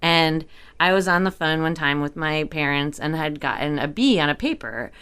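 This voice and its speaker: Podcast co-host, a woman in her forties from Brooklyn, low smooth voice, a lively storyteller. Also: normal speed. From Brooklyn, New York. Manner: animated storyteller, acts out quotes. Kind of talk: casual chat.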